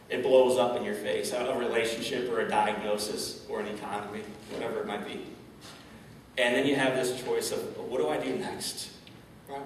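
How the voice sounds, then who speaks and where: At medium pitch, a man speaks to a live audience in a large event hall, delivering an inspirational keynote as a motivational speaker and recounting a personal story straight to the crowd. The recording has echo from the hall, a distant mic, and a little hiss or hum.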